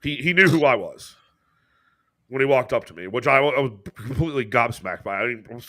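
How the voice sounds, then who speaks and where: An American man shares a story on his podcast in loose, casual chat. He swears freely and leaps up in pitch whenever he quotes someone. His voice sits at an ordinary middle pitch. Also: fairly quick. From United States. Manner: animated, swearing, jumps pitch when quoting people. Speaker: podcast co-host.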